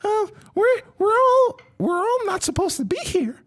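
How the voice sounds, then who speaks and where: Man doing a very high, bubbly, stammering girl character. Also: big pitch swings, unhurried, a bit bright, exaggerated voice. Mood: eager. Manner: stammering, eager. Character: cheerful bubbly female character.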